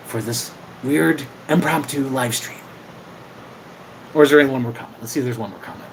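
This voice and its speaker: A man's voice: mid-range voice, brisk, a little hiss or hum, low-quality recording. A man chatting casually on an impromptu livestream, rambling, swearing now and then, and reacting to viewer comments. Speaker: live streamer and video maker.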